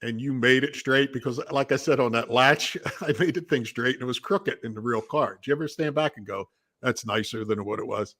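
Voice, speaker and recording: A man hosting a casual chat about car builds, easygoing and quick to laugh. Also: mid-range voice, a bit bright.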